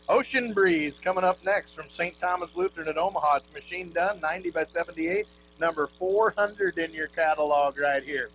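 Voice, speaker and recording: A man calling bids as auctioneer at a live charity quilt auction, rolling numbers in a rapid rhythmic chant. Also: on the high side, fairly bright tone, faint music behind, poor audio. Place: outdoor camp auction.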